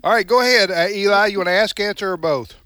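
Wisecracking bright-voiced radio man. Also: sits high, fast talker, no echo, clean studio sound. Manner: teasing, wisecracking. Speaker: radio show co-host. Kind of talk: casual radio chat. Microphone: studio microphone.

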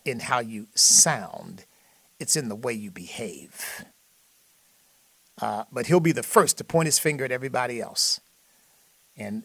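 A man's voice: mid-range voice, fairly bright tone, dry recording. A middle-aged man hosting a political talk radio show, delivering an emphatic, preacherly monologue into a studio microphone. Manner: preacherly, emphatic, scripture-quoting.

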